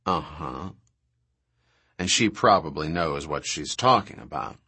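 A man's voice: expressive, unhurried, sharp tone, slightly rough, full character voice. Man voicing a blunt, matter-of-fact woman. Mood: dry. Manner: dry, direct and low-key. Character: frank, matter-of-fact adult woman scientist.

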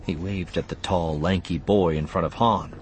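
A man's voice: low-pitched, steady tone, moderate pace, slight background noise. A man narrating an audiobook expressively, voicing the character lines too.

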